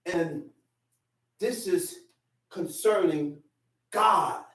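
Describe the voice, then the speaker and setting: Drawing out his words in a high, fairly bright voice, a man preaches and tells a personal story. He brings the quoted lines to life by acting out the voices. The sound is distant and echoes around the room.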